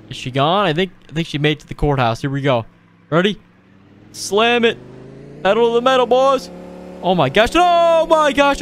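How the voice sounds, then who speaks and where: A man hosting a gaming video, giving excitable, casual play-by-play commentary full of exclamations and asides to his viewers. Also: a little high, a little hiss or hum. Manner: excitable, frequent exclamations, addresses viewers as boys.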